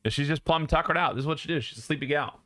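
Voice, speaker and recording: A man's voice: a little high, racing, a bit bright, dry recording, clean studio sound. A young man streaming live, chatting casually with his viewers and joking and laughing a lot.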